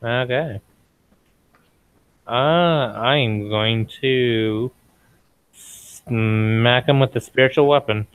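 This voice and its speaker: A man with a smooth, clear voice, playing a tabletop game. He talks slowly and methodically through his turn. The sound is dry and close. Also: medium pitch, no echo, narrow, tinny audio. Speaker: player.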